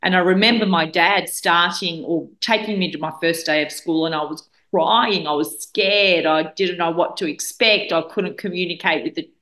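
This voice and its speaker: A woman in her forties who grew up in Australia, speaking as a guest. Her voice sits on the low side, and she tells her story earnestly, often stopping to restart a sentence. The recording carries a noticeably roomy echo. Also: steady tone, moderate pace, hardly any pauses, fairly bright tone. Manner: earnest, with frequent restarts and fillers. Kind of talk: reflective storytelling in conversation.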